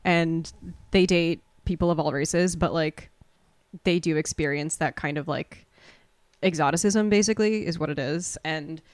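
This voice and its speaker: A woman's voice: sits low, moderate pace, dry recording. A young woman talking candidly in a casual podcast chat, swearing, laughing and using lots of filler words. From Korean and Chinese heritage. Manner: candid, profane, laughs often, many "like" fillers.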